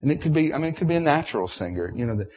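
A man's voice: on the high side, very animated, rapid-fire, darkish tone. A middle-aged man preaching a sermon, emotional and repetitive, with restarts.

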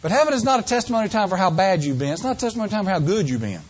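A man preaching a sermon to a congregation, asking them questions and shifting between slow, drawn-out phrases and quick runs. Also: sits high, very animated, breathy edge. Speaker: pastor.

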